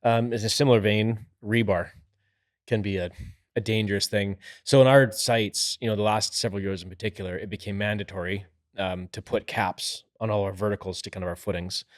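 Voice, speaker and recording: A man with a fairly low voice talks through building-site jobs in plain, practical terms. The recording is close and dry, with little room sound. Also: steady tone, brisk, no echo. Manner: plain-spoken, explaining with trade terms. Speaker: podcast co-host, builder. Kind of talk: casual chat.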